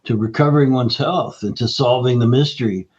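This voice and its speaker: Lively storytelling man, lo-fi sound. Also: mid-range voice, brisk, husky. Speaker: guest nutritionist. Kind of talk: storytelling interview talk. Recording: slightly dull lo-fi audio.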